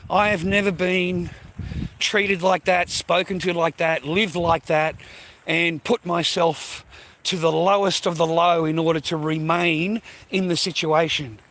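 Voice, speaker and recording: A man's voice: a little high, steady tone, measured pace, fairly bright tone, low-quality recording. A man with an Australian accent, talking to his phone in a loose, rambling way while out walking, swearing freely and calling listeners mate and bro. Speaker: vlogger. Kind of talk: rambling casual monologue to camera.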